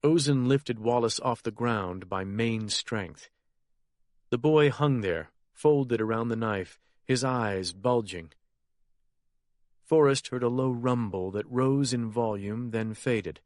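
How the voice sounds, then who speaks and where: Man narrating a thriller, steady. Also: mid-range voice, dry recording, studio quality. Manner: steady, measured thriller reading. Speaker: audiobook narrator. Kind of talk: scripted narration.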